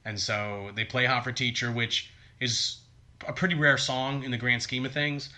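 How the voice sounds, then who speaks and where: A man's voice: mid-range voice, fairly even intonation, normal speed, bright, forceful tone. A man co-hosting a podcast in casual chat, rambling with lots of fillers like "like" and "um". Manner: rambling, filler-heavy with many likes and ums. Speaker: podcast co-host.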